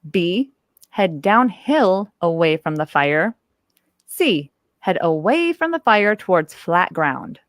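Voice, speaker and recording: Woman in her thirties, trivia host, playful, animated pitch, silly voices, dry close sound. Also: takes it slowly, dry recording. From Northern California. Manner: playful, bursts into squeaky silly voices and laughter. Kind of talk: live-stream trivia game.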